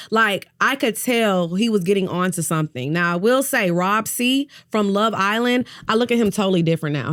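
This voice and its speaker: A woman's voice: mid-range voice, a bit bright. A woman hosting a podcast in casual gossip chat, candid, playful and openly profane. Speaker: podcast host.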